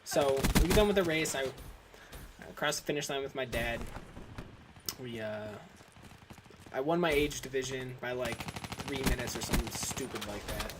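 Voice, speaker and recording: A man's voice: medium pitch, normal speed, long pauses, background noise. Rambling young man telling a story. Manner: rambling, filler-heavy, restarts often. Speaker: vlogger. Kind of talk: casual storytelling to camera.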